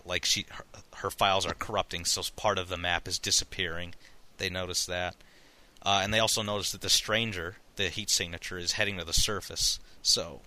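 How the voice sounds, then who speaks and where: A man on a podcast retelling a story in casual chat, rambling and halting with lots of fillers. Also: low-pitched, pushed and bright. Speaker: podcast co-host recapping a story.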